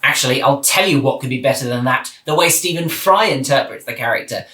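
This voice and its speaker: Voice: mid-range voice, expressive, a little fast, a bit bright, roomy sound. A video host giving wry, opinionated commentary comparing audiobook readings. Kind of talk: casual review commentary.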